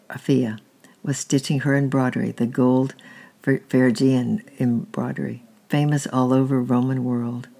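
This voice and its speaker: A storyteller reading a historical tale aloud at an unhurried, steady pace, with a few slips. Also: mid-range voice, creaky.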